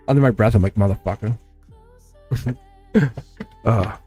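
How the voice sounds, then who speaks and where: A man hosting a members-only tarot livestream in casual chat, animated and laughing often as he talks to his viewers. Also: mid-range voice, unhurried, faint music behind. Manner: chatty and animated, laughs often, acts out quoted exchanges. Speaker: tarot reader and channel host.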